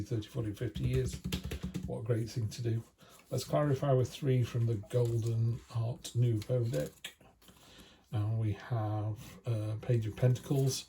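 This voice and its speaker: Speaking in a mellow, medium-pitched voice, a British tarot reader talks his viewers through the week's cards. His manner is easygoing and chatty, sprinkled with slang, and a little background noise can be heard.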